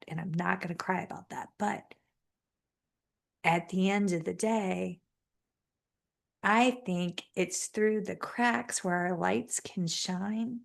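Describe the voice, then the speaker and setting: A woman speech-language pathologist hosting a podcast, speaking candidly and with feeling, in rushes and restarts. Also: fairly low pitch, vocal fry. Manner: heartfelt, talks in rushes and restarts. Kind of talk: candid, emotional conversation.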